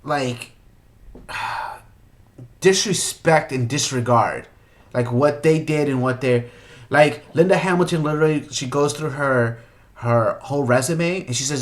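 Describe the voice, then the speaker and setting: A man's voice: mid-range voice, unhurried. A young man ranting about a movie in an exasperated, opinionated way, firing off rhetorical questions. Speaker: movie commentator.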